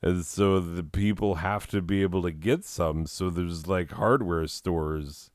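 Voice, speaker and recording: A man's voice: low-pitched, unhurried, darkish tone, no room sound, clean studio sound. A man hosting a comedy show, sarcastically mocking a listener letter and laughing at his own jokes. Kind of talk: comedic riffing monologue.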